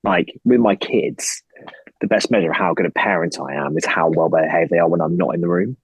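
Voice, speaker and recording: A man's voice: low voice, a little fast, slightly rough, no echo, muffled recording. A man in his thirties talking casually and energetically as a podcast guest, rambling and swearing now and then. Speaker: podcast guest, investor and founder. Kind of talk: casual conversation.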